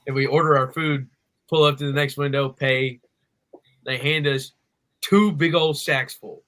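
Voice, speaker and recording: A young man, co-hosting a podcast and telling a story in a lively, animated way. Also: medium pitch, measured pace, poor audio. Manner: animated storyteller, acts out quoted voices. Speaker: podcast co-host. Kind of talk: casual storytelling chat.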